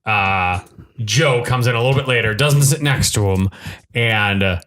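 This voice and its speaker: A man co-hosting a podcast, casually recapping a film's plot and acting out the characters' lines in quick little voices. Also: fairly low pitch, fairly bright tone. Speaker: podcast co-host. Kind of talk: casual movie recap chat.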